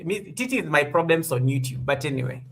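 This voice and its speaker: Higher-voiced man reading out the chat. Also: lively intonation, quick pace, creaky, faint music behind. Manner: reads out chat names, shouts out members. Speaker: co-host. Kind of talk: casual live-stream chat.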